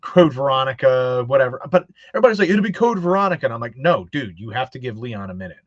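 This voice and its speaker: A man's voice: medium pitch, lively intonation, fast talker, no room sound. A man hosting a casual chat, telling stories animatedly and acting out quoted voices, with frequent laughs. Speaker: host. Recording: dull lo-fi dry sound.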